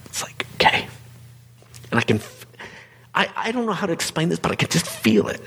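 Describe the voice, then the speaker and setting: A man, a pastor, giving an earnest, conversational sermon that often drops into hushed, whispered asides. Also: a little high, sing-song, brisk, gravelly, long pauses, husky, long reverb tail. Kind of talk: personal sermon talk.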